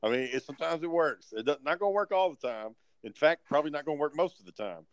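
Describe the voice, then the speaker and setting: A podcast co-host with a slightly high voice rattles off a convention story fast in casual chat, cursing freely and performing other people's lines. The recording is low quality.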